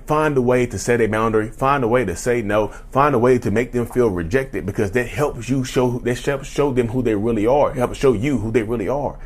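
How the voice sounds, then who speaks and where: A man with a Southern drawl speaks in a husky, slightly breathy voice at a middle pitch. He rants to his viewers bluntly and emphatically, cursing freely and tossing in y'all again and again. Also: darkish tone. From North Carolina, US. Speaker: YouTube channel host. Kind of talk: unscripted rant to camera.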